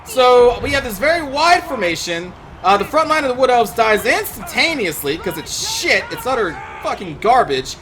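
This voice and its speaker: A man's voice: extremely high pitch, sing-song, moderate pace, hardly any pauses, a crowd in the background. A man giving gameplay commentary as a channel host, ranting in exasperation and swearing often.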